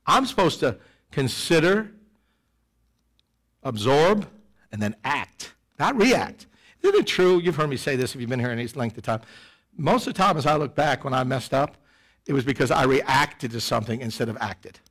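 A middle-aged man preaching a sermon in church, animated, swinging between loud emphasis and quiet asides. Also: mid-range voice, moderate pace. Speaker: pastor. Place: church sanctuary.

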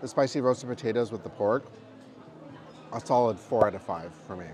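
A man in a casual travel vlog, chatting in a relaxed way while reviewing food and giving park tips. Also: lowish voice, a little fast. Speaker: travel vlogger. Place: theme park restaurant, then hotel.

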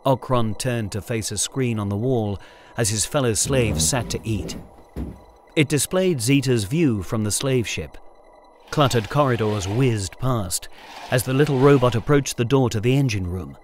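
A man's voice: medium pitch, darkish tone, slight background noise. Man narrating a sci-fi audiobook. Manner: measured storytelling. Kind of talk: scripted narration.

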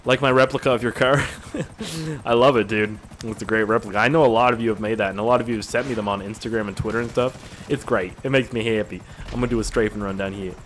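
A man's voice: on the low side, fast, a bit bright, slight background noise. Young man rambling over gameplay. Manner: rambling, profane, easily amused. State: tired. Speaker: gaming video creator. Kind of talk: casual gameplay commentary.

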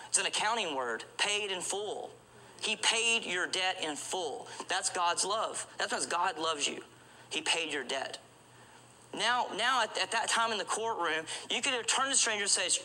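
A male street preacher delivers an urgent evangelistic sermon. His voice sits high and sounds very bright and cutting. He stumbles into repetitions and fires rhetorical questions, with a faint ambient hiss behind him. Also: rough recording.

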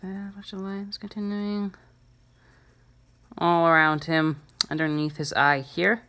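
Woman, drawing tutorial host, chatty, self-deprecating, bright tone, slow delivery. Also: on the low side, flat delivery. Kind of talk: casual drawing tutorial commentary.

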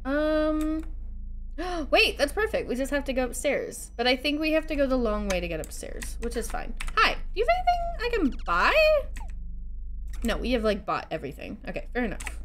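Giggly high-voiced woman streamer. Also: brisk, background noise. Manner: giggly, animated, talks to herself and thanks chat. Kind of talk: casual game live-stream commentary.

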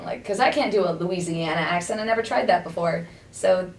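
A woman with a Texan accent talks casually and animatedly, laughing often. Her voice sits a little low. The mic is some way off in an echoey space with faint background noise. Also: a little fast, far from the mic. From Texas. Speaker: voice actor guest. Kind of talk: casual convention interview. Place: busy convention venue.

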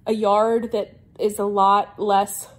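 A woman's voice: medium pitch, flat delivery, slow pace. Chatty, scattered young woman vlogger. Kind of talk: casual vlog chat. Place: home living room couch.

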